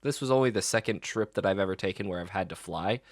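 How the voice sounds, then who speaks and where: A man co-hosting a podcast in casual chat, an animated storyteller who laughs often. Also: sits low, fast, dry recording, studio quality. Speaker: podcast co-host.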